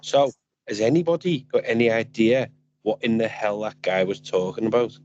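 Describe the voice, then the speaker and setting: Man, low voice, tabletop player, matter-of-fact, dull lo-fi recording. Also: animated, moderate pace, a little mellow, no echo. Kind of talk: tabletop game banter. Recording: dull lo-fi sound.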